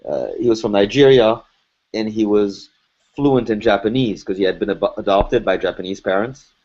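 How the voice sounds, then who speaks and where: A man's voice: on the low side, steady tone, moderate pace, a little mellow, husky, highs cut off. A man from Lebanon, a French native speaker, explaining things conversationally as a voice actor guest in a podcast interview, with many restarts.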